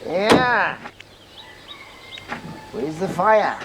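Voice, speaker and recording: An actor playing a boastful, joking petrol station owner, full of chuckling bluster. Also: male voice, high voice, sing-song, extremely slow, a bit bright, a little hiss or hum, full character voice, poor audio. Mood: cocky, jokey. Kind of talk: sitcom acting.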